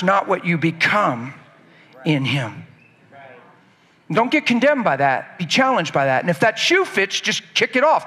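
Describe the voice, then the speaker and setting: A man preaching a sermon in an animated way, acting out quoted voices and laughing often. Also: high voice, big-room sound.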